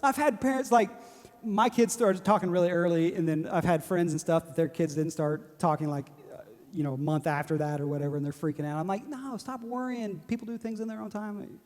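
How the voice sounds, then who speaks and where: A man's voice: fairly high pitch, steady tone, brisk, a little mellow. A man, preaching a sermon in a joking, self-deprecating way and laughing often. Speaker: pastor. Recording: long hall reverb.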